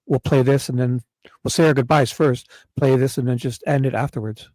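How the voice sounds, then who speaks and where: A man hosting a casual livestream, soft-spoken and a little apologetic. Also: medium pitch, fairly even intonation, brisk, dry recording. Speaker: livestream host.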